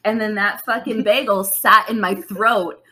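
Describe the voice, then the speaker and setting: A woman's voice: medium pitch, a little slow. A woman in casual chat, retelling a story dramatically and filling her speech with "like". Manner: expressive, dramatic retelling with lots of "like".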